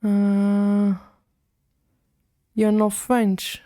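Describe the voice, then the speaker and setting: A woman streamer talks slowly, half to herself, as she works at her computer. Her voice sits at a middle pitch and sounds close and dry, with no room echo. Now and then she turns to chat with her viewers. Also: steady tone, a little mellow. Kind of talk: casual live-stream chat while coding.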